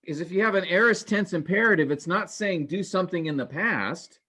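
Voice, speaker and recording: A man teaching a Greek grammar class online, asking questions and explaining with many pauses. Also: high-pitched, lively intonation, pushed and bright, husky.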